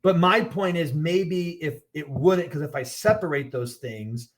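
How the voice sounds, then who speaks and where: A man's voice: a little high, a little slow. Rambling man explaining his gear business. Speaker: gear brand owner, podcast guest. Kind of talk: casual podcast chat.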